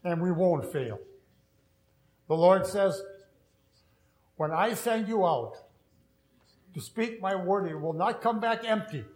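A man's voice: sits high, lively intonation, takes it slowly, pauses often, darkish tone, echoey room, poor audio. A man who is a pastor, preaching an earnest sermon with storytelling and self-deprecating humor.

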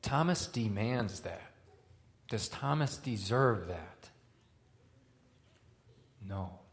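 A male pastor preaching a sermon, swinging from loud, rising questions to quiet, hushed lines. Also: on the low side, expressive, drawn-out words.

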